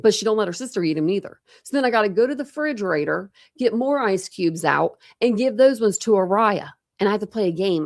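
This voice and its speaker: A woman's voice: mid-range voice, vocal fry, no echo, clean studio sound. A woman hosting a casual online chat, rambling and laughing as she browses videos and talks to her pets. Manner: rambling, chatty, laughs often, coos at pets. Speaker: true crime channel host.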